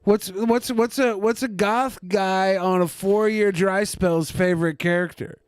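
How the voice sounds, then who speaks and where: A man's voice: sits high, steady tone, a little slow, smooth, no room sound. A man co-hosting a podcast, chatting casually and cracking playful jokes. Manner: joking, playful. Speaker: podcast co-host. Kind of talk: casual chat.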